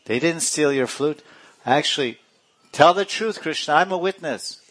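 A man voicing a cheeky male monkey who excitedly tells tales as a witness. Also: mid-range voice, moderate pace, pitched above the performer's own voice, natural voice. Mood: tattling. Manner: excited, tattling.

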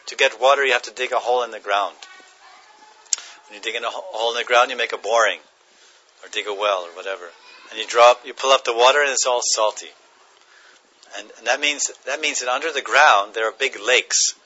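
A man's voice: mid-range voice, bright, forceful tone, slightly rough, highs cut off. A man giving a devotional class, chanting verses, translating them and chuckling as he tells stories. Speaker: spiritual teacher.

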